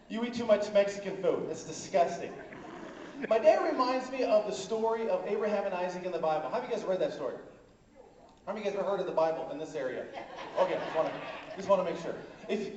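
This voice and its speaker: A man's voice: high-pitched, quick pace, darkish tone. A man doing live stand-up comedy on a conference stage. He rambles with many fillers and works the crowd. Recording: echoey hall, distant, dull lo-fi.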